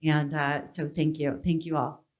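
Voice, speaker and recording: A woman's voice: deep voice, little pitch movement, a little slow, heavy background noise. A woman hosting a live event, giving emotional, gushing thanks in her closing remarks. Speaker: event host. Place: conference hall with an audience.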